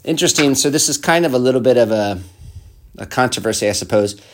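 A man's voice: mid-range voice, lively intonation, fast. A man preaching a sermon, reading an old text aloud and then explaining it in plain words, with hesitant restarts.

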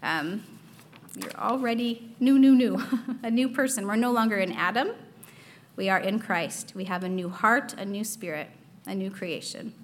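A woman's voice: medium pitch, moderate pace. A young adult woman giving a casual devotional talk, earnest, reading quotations aloud with frequent fillers.

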